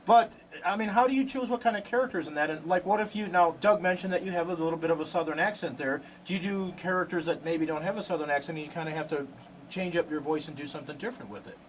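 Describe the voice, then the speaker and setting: A man co-hosting a radio talk show in an upbeat, quick manner. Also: a little high, slight background noise, low-quality recording. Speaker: radio co-host.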